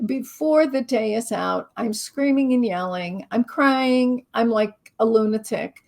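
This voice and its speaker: On the high side and a little slow, with some vocal fry, a middle-aged spiritual author and teacher tells an animated, self-deprecating tale during an interview. She acts out her own thoughts as she goes.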